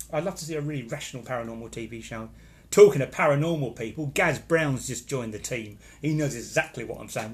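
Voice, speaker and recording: A man's voice: medium pitch, creaky, a little hiss or hum. A man hosting a casual live stream, chatting with opinions and greeting viewers by name as he reads their comments. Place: holiday location in Florida.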